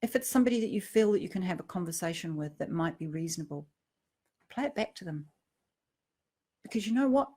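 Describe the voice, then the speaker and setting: A middle-aged woman talks earnestly about emotions and relationships, with a gravelly edge to her voice. She drops to hushed tones and then pushes up into emphatic, lifted phrases. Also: on the low side. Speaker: speaker on emotional triggers. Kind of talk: reflective personal talk.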